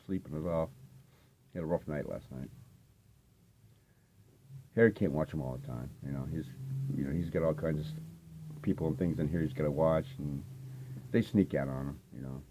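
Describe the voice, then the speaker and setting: Older guy with a real low mellow voice, rambling on about his records, laid-back, lots of ums. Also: slight background noise. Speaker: vinyl collecting vlogger. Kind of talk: casual rambling show-and-tell.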